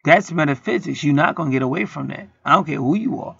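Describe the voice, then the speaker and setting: Heated, profane preacher man with a gravelly edge. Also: on the high side, animated, fast, a bit bright, no room sound, lo-fi sound. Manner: profane, heated, rants and acts out quotes. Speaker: internet preacher. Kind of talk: street-style preaching monologue.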